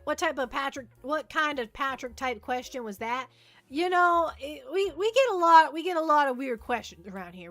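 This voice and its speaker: A woman's voice: high-pitched, animated, moderate pace, fairly bright tone, no echo, soft background music. A woman hosting a livestream, chatting casually and rambling as she answers viewer questions, often repeating herself and joking at her own expense. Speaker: livestream host.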